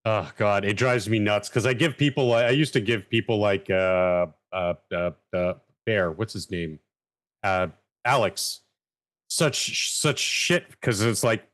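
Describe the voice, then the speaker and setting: A man's voice: fairly low pitch, measured pace, fairly bright tone. A man on a panel show who chats casually and rants in exasperation. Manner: exasperated ranting.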